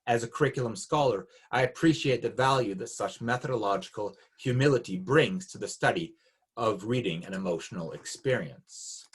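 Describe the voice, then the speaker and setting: A man giving an academic seminar talk, reading from his paper in a measured, reflective way. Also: lowish voice, slightly rough. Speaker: academic speaker. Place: Canada.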